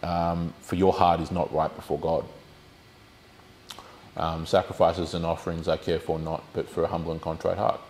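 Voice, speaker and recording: A man's voice: sits low, little pitch movement, moderate pace, darkish tone, slight background noise. A man leading a Bible study, explaining the text and putting questions to his group.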